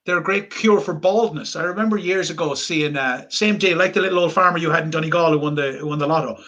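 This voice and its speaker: A man's voice: a little high, fast, a bit bright, highs cut off. An Irish man, a comedian guest, joking and rambling through a casual chat. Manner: joking, rambling, full of asides and laughter.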